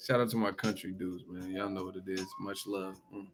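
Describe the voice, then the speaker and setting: A man's voice: low-pitched, soft background music. A man hosting a boxing channel, riffing in casual, profane commentary and firing off one rhetorical question after another. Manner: animated, profane, rapid-fire rhetorical questions.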